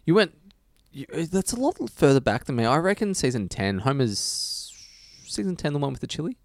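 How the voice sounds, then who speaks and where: A man's voice: mid-range voice, big pitch swings, brisk. A man co-hosting a casual podcast, joking and reading listener emails aloud. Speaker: podcast co-host.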